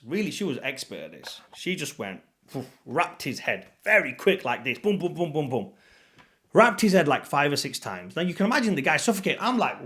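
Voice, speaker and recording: A man telling a story to camera in a casual vlog, animated and blunt, swearing freely and acting out the moments. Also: medium pitch. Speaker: vlogger.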